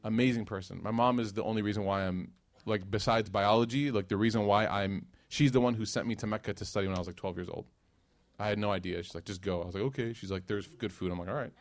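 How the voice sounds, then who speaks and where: A man preaching to a live audience, telling stories in a lively rhythm and dropping into hushed asides. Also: on the low side, fast talker, dry recording. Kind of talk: sermon.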